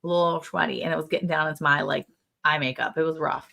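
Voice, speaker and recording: Woman, middle-aged, lowish voice, rambling livestream chat, laughs a lot. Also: fairly even intonation, fast talker, gravelly, bright, forceful tone. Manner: chatty and rambling, laughs often. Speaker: livestream co-host.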